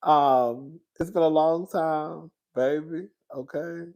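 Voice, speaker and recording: A man hosting a casual live chat with his viewers, animated and profane, laughing often and calling them girl and honey. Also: fairly high pitch, takes it slowly, gravelly. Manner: calls listeners girl and honey. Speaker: YouTube commentator.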